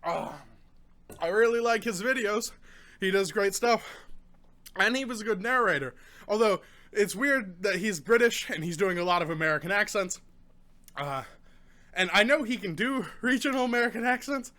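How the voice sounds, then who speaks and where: Pained bright-voiced young man reviewing. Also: high voice, expressive, normal speed, long pauses. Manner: rambling, pained, swearing and groaning between points. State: in pain from eating a hot pepper, coughing. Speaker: book reviewer. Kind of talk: casual vlog review while in pain from hot pepper.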